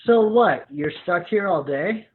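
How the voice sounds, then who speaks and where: A man's voice: sits high, animated, measured pace, narrow, tinny audio. A man reading the part of a sarcastic young video clerk in a live script reading, teasing and lecturing. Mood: needling.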